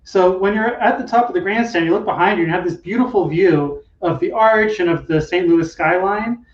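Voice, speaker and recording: High-voiced man on distant, echoey audio. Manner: measured, explains things step by step. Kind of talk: casual chat. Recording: distant, roomy, dull remote audio.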